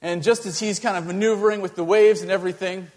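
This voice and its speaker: A male pastor telling a story in a sermon, animated and halting, with many restarts. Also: sits high, long reverb tail.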